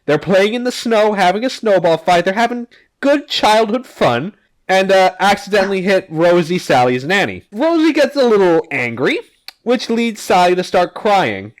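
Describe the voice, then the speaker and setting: A man's voice: high voice, sing-song, normal speed. A man hosting a casual podcast, recapping comics in a rambling, filler-heavy way with the odd swear. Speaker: podcast host.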